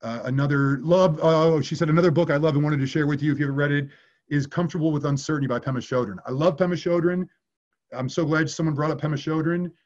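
A man's voice: on the high side, steady tone, fast, darkish tone, lo-fi sound. A man working as an acting coach, answering viewer questions in a candid way and swearing casually.

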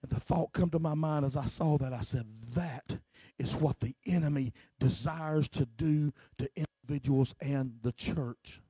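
A middle-aged man preaching a sermon as pastor, starting lines with a filler "uh" and swinging from shouts to hushed talk. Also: fairly high pitch, a little slow, few pauses, husky, no echo. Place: church sanctuary.

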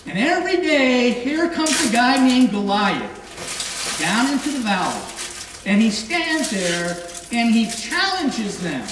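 Male preacher, unhurried, lively storytelling delivery; distant noisy mic in a reverberant room. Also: extremely high pitch. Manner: lively storytelling, acting out quoted voices. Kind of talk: sermon. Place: church sanctuary. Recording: echoey hall from far off, noisy.

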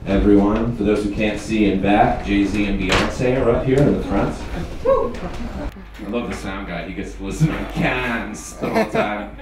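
A man hosting a stand-up comedy show on a bar stage, with animated, energetic patter. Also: fairly low pitch, measured pace, background noise. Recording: echoey bar from a distance.

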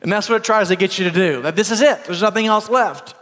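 A man's voice: high voice, fast, a bit bright. Earnest man preaching in a reverberant church. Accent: American. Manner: storytelling, earnest, with repeated phrases. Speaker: pastor. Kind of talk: sermon. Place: church sanctuary.

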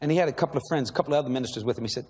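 A middle-aged man, telling a story in a sermon with animated energy, laughing and shouting at the peaks. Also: medium pitch, very fast. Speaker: preacher. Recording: long reverb in a large hall, faint noise.

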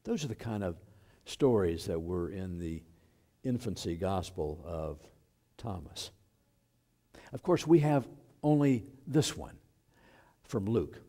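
A pastor preaches in a church sanctuary, taking his time and filling pauses with small hesitations and fillers. His pitch stays lively throughout.

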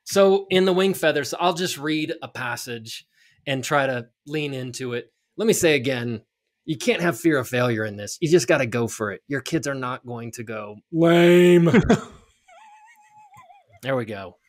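A middle-aged man co-hosting a podcast, talking in an animated, jokey way and reading a book aloud. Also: mid-range voice, normal speed, no room sound, clean studio sound. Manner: animated, jokey, full of restarts. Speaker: podcast co-host and reader. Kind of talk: casual chat and reading aloud.

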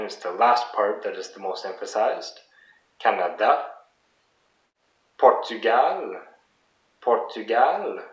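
A man gives a relaxed lesson at home, patiently repeating each example word so it sinks in. He speaks English as his first language. The mic sits a little way off, so his voice carries some room echo. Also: on the low side. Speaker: French language teacher. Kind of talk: casual video lesson. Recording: roomy sound from a distant mic.

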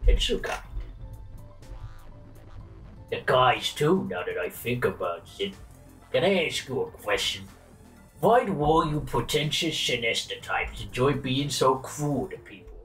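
A man's voice: mid-range voice, sing-song, normal speed, a bit bright, distant mic, soft background music, poor audio. A man voicing a whiny, flirtatious male troll who fancies himself a greaser poet, overwrought and self-pitying. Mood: wounded. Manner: overwrought, self-pitying, swears between lines.

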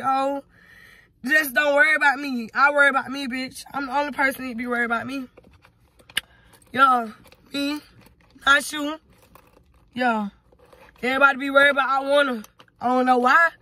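A woman's voice: high-pitched, fairly even intonation, normal speed, long pauses, pushed and bright, dry recording. A young woman vlogging casually from a car, talking in a profane, brash, rambling way. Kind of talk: casual vlog rant.

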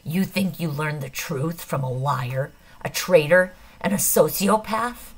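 A woman's voice: low voice, lively intonation, measured pace, slightly rough, exaggerated voice. A woman reading an audiobook, voicing a stubborn, proud young man who speaks in a bitter, accusing way.

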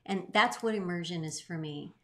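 A woman's voice: on the low side, moderate pace. A middle-aged woman co-hosting a show, earnestly telling an emotional personal story with swings in her voice. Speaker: co-host. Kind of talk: heartfelt storytelling.

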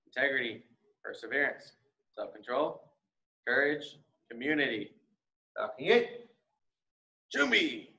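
A man leads a martial arts warm-up, calling out the exercises with steady encouragement. His voice sits at a middling pitch, and between drills he slips into relaxed, offhand remarks. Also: rough recording. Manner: coaching, encouraging, casual asides. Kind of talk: leading an online warm-up class.

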